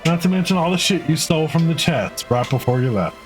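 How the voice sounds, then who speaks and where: A man's voice: on the high side, fast, hardly any pauses, soft background music. A man streaming a game, making wry, profane asides between reading the dialogue. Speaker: gaming streamer. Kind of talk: casual commentary while reading game dialogue.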